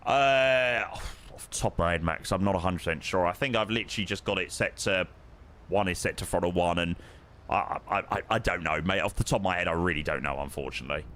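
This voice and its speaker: A man's voice: low voice, brisk, a bit bright, a little hiss or hum. A young man casually chatting with his live-stream viewers while flying a sim, matey and greeting people by name.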